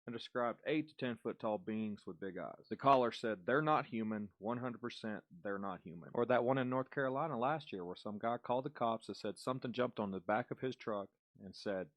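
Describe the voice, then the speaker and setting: A man co-hosting a reaction podcast, telling stories in a relaxed, casual way with the odd swear. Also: medium pitch, fairly quick, hardly any pauses, no room sound. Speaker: co-host reacting to clips. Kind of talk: casual chat.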